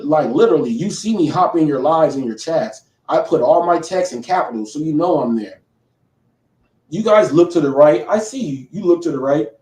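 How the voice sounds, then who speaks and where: A man's voice: sits high, darkish tone, recorded from a distance. A man hosting a livestream, confrontationally calling out a rival in a rambling rant with frequent restarts. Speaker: livestream show host. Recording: echoey room, voice off-mic.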